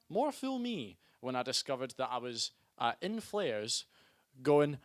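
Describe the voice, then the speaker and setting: A young Scottish man hosting a student stand-up night, chatty and self-deprecating, hyping the crowd in loud bursts. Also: a little high, big pitch swings, normal speed. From Scotland. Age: young adult. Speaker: stand-up host and compere. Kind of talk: live stand-up comedy. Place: student comedy night venue.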